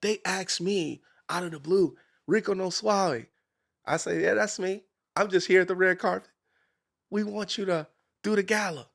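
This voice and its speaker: A man, a talk show host guesting on a podcast, telling a story with excitement, acting out quotes and swinging from whispers to shouts. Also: high voice, normal speed, creaky. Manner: speaks some Spanish and English. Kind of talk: animated storytelling in casual chat.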